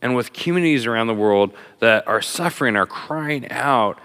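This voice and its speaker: A middle-aged man giving a sermon in a casual, animated way with lots of fillers, a father. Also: mid-range voice, normal speed, smooth. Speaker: pastor. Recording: long hall reverb.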